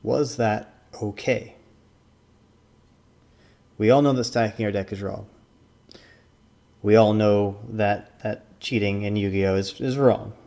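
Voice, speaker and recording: A man's voice: fairly low pitch, steady tone, slow, creaky, pauses often, dark tone. A man and former card tournament judge giving casual commentary, rambling with lots of fillers and restarts.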